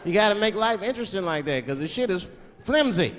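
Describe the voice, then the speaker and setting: A man with a Washington DC accent doing a stand-up comedy set, animated and slipping into put-on voices for his bits. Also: high-pitched, fairly quick, big-room sound, a faint crowd. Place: large theater with live audience. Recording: live theater recording with audience noise.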